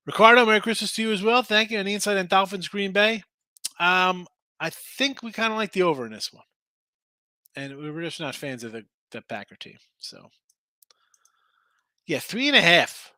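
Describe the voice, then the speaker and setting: A man's voice: fairly high pitch, sharp tone, no room sound. A man hosting a sports betting stream, chatting casually with viewers and going off on rants. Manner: loose, ranting, talks straight to the chat. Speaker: sports betting show host. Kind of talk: casual live-stream chat reading viewer comments.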